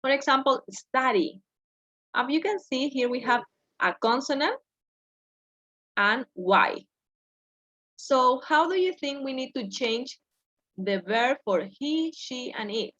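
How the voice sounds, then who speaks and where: A woman's voice: sits high, animated, slow, long pauses, a bit bright, lo-fi sound. A woman teaching an English class over a video call, patiently correcting her students step by step.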